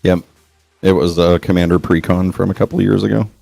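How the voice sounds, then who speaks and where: A man co-hosting a casual card game stream, explaining in a measured way with small restarts. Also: low-pitched, steady tone, vocal fry, dark tone, no room sound, faint music behind. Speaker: co-host player. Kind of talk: casual chat.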